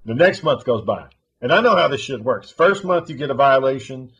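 A man's voice: medium pitch, lively intonation, fairly quick, fairly bright tone, slightly rough. A man telling a long story in casual chat, rambling and swearing freely.

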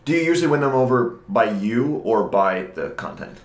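A man's voice: mid-range voice, animated, normal speed, echoey room, slight background noise. A man co-hosting a podcast, chiming in with jokes and questions. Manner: joking, chiming in. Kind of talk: casual interview chat.

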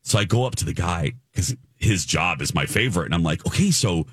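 A middle-aged man hosting a talk show, telling a story in a chatty, animated way and laughing often. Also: low-pitched, fairly quick, creaky, husky, dry recording, studio quality. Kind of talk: casual on-air storytelling.

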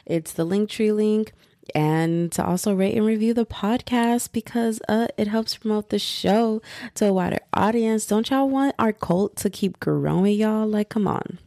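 A woman's voice: mid-range voice, gravelly, warm tone, dry recording, studio quality. A young woman hosting a podcast from home, chatting casually and rambling with lots of fillers. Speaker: podcast host. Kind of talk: casual chat. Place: at home, household noise possible.

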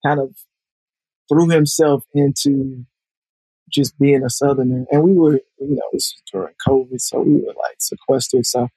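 Husky-voiced Southern man, casual guest. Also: mid-range voice, fairly even intonation, moderate pace, warm tone, dry recording, low-quality recording. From Alabama, US. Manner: loose and conversational, lots of "you know" fillers. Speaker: film director guest. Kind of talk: casual podcast conversation.

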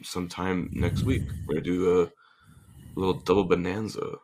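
A man's voice: low-pitched, steady tone, moderate pace, darkish tone, a little hiss or hum. A young man co-hosting a podcast, laid-back and laughing often. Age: young adult. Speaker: podcast co-host. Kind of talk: casual chat.

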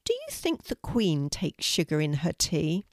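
A woman's voice: on the low side, huge pitch swings, unhurried, dry recording, clean studio sound. A woman voicing a cheerful, kind young girl in a storybook reading, eager and polite.

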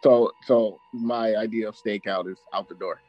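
A man's voice: fairly low pitch, steady tone, normal speed, faint music behind. A man chatting as podcast co-host, laid-back and asking questions. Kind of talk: casual podcast chat. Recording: dull, muffled mic.

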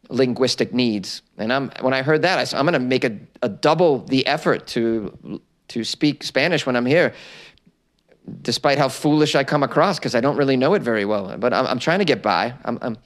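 An American man hosting a comedy news podcast, reading odd stories with sarcastic asides and laughing at his own jokes. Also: mid-range voice. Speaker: podcast host. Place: small closet.

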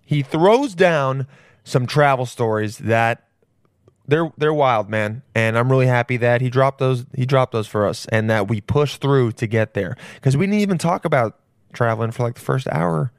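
A young male comedian opens his podcast with loose, rambling chatter, swearing freely and tossing in jokey asides. His voice sits at an ordinary middle pitch. The sound is close and dry, with no room around it. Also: moderate pace, no echo. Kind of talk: casual podcast intro chat.

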